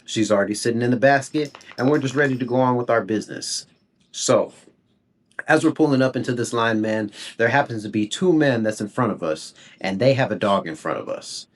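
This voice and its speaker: A young man hosting a podcast tells a story in a relaxed, chatty way. He is animated as he talks and slips into little voices for the people in it. His pitch sits in an ordinary middle range. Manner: animated, acts out voices and laughs while telling a story. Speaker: podcast host. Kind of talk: storytelling anecdote, casual.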